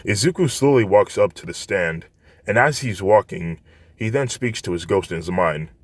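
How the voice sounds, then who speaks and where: A man's voice: fairly low pitch, lively intonation, normal speed, no echo. A man narrating a fan fiction story in a plain, unpolished storytelling way, with frequent restarts.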